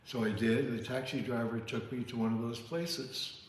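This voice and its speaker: In a home bar, a co-host spins rambling anecdotes over drinks, often checking in with "okay?". His mid-range voice has fairly even intonation and a moderate pace, and the echoey room adds long reverb and faint hiss.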